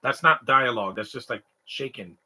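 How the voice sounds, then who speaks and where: A young man from Canada co-hosting a live stream, rambling through casual comedic chat. His voice is very bright and husky, and his talk is animated and digressive. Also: mid-range voice, normal speed. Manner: rambling, animated, mimics stutters and sobbing noises.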